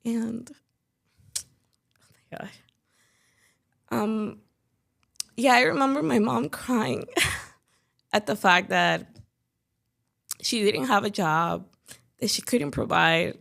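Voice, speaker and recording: A woman's voice: mid-range voice, animated, slow, gravelly, pauses often, a bit bright. A young woman from Chicago, a podcast guest, talking in a casual, chatty way and leaning heavily on "like" and "you know". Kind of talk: casual interview chat.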